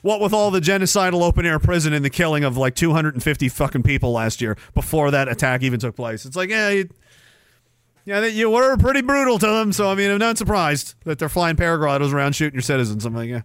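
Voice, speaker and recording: A man's voice: a little high, animated, quick pace, few pauses, a bit bright, clean tone, no echo, studio quality. A man hosting a livestream, reading chat aloud in a profane, sardonic way and laughing often. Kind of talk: casual chat.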